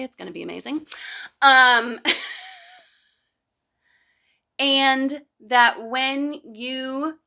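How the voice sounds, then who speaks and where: Woman podcast host and crochet teacher: unhurried, bright-toned, sincere, conversational advice. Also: mid-range voice. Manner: earnest, advice-giving, with frequent fillers and restarts. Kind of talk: casual podcast monologue.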